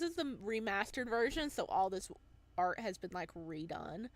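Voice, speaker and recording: A woman reading a visual novel aloud as she plays, with giggly, excited reactions between passages. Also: mid-range voice, normal speed, no echo. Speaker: gamer.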